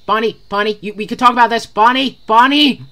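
A gamer giving casual commentary while playing a horror game, stammering and panicking, repeating words in rapid bursts. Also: mid-range voice, fairly even intonation, sharp tone.

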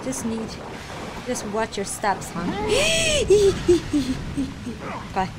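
A woman playing a video game, reacting excitably and cheering on the character. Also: a little high, a little slow, background noise. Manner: excitable, exclaiming, talks to the character. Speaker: gamer streamer. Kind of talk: live gameplay reactions. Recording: voice over loud game music.

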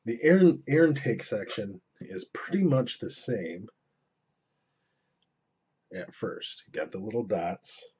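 A young man with a deep, very husky voice rambles through a casual vape gear review, swearing freely and breaking off mid-sentence. The audio is dull and lo-fi, like a basic camera mic. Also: sing-song, slow pace, long pauses, a little mellow. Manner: rambling, profane, self-interrupting. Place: indoors at home.

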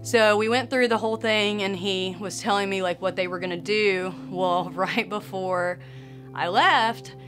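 A woman sharing a personal faith testimony in an earnest, emotional way, with soft laughs between phrases. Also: medium pitch, fairly even intonation, a little slow, over music.

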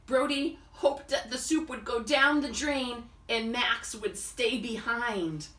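A woman teacher reading a picture book aloud to a child in an animated way, stopping to ask the child questions. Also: fairly high pitch, slow, echoey room, distant mic. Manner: animated, asks the listener questions.

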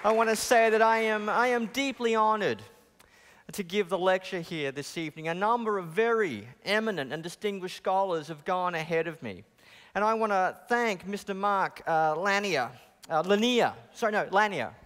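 An Australian man giving an academic lecture as a guest speaker, genial and explanatory, with joking asides and quick restarts. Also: high voice, fairly bright tone, clean tone. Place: chapel. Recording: long reverb of a chapel.

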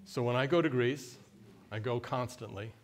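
An older man speaks at a conference workshop in a loose, conversational way. He keeps turning to his listeners with questions, and now and then he mimics a haughty, deliberate voice. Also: mid-range voice. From United States. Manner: conversational, quizzes audience with questions.

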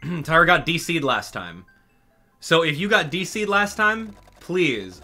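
A man hosting a gaming channel, talking straight to his viewers in an exasperated, animated way during live game commentary. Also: on the high side, unhurried, soft background music.

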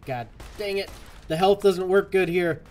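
A man's voice: high voice, measured pace, darkish tone. Exasperated man streaming a game. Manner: exasperated, jokey, talks to the game. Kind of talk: live gameplay commentary.

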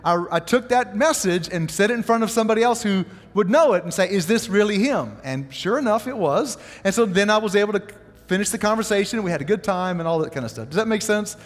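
A man with a high-pitched voice preaches quickly in a church sanctuary, his words trailing off into long reverb. As pastor, he animatedly tells a story and puts questions to the congregation.

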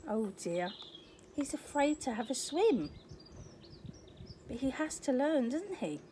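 An older woman reads a picture book aloud to young children in a sunny garden, chatty and sing-song, turning to ask them questions. Her voice sits somewhat high and swoops widely, with faint birdsong behind her. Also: very animated, takes it slowly, warm tone, a little hiss or hum. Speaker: storyteller, grandmother persona. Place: garden outdoors in sunshine.

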